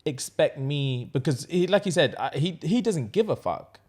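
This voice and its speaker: A man co-hosting a podcast in casual chat, loud and laughing, swearing often and restarting his sentences. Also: a little high, animated, moderate pace, breathy edge. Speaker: podcast co-host.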